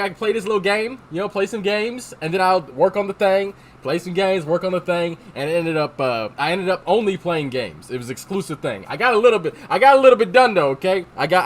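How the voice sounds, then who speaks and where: A man chatting casually on a livestream, rambling and swearing as he answers chat. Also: a little high. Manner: rambling, profane, reads chat aloud. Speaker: streamer. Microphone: desk microphone.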